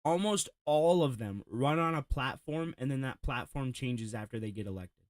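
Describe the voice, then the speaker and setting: A man's voice: medium pitch, animated, normal speed, dry recording. A man, a streamer, mocking a clip with sarcastic reaction commentary and laughing asides.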